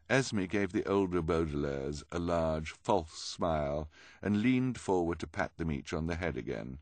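A man reading a novel aloud as an expressive storyteller. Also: sits low, moderate pace, no room sound. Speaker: audiobook narrator. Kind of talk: scripted narration.

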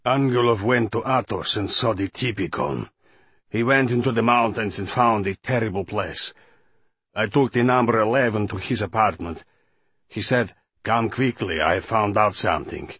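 An audiobook narrator voicing a patient, guarded male translator with a measured, level delivery. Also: fairly low pitch, a bit bright, breathy edge, dry recording. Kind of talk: audiobook character voice.

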